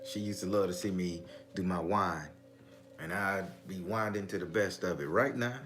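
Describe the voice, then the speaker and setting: A man's voice: deep voice, moderate pace, music in the background. A middle-aged man, telling family stories and preaching in a casual, profane way. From Southern US. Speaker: spiritual vlogger. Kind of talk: casual spiritual talk.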